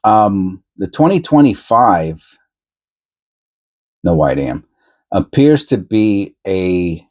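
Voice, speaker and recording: A man hosting his own coin hunting video, talking casually and rambling as he goes, often repeating himself and correcting himself mid-sentence with excited asides. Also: low voice, slow pace, pauses often. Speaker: coin roll hunting channel host. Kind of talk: casual chat while searching coins.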